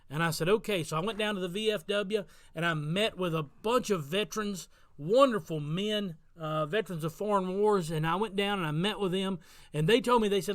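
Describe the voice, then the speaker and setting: High-voiced pastor preaching from his porch. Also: a little fast, a bit bright, dry recording, studio quality. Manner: earnest storytelling, repeats key phrases. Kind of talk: daily devotional sermon. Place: outdoors on a front porch.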